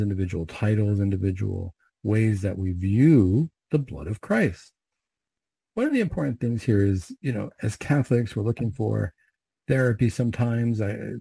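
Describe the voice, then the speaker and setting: Husky, dark-voiced man preaching. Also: lowish voice, dry recording. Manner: unhurried, reflective, conversational. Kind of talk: prayer recitation and homily.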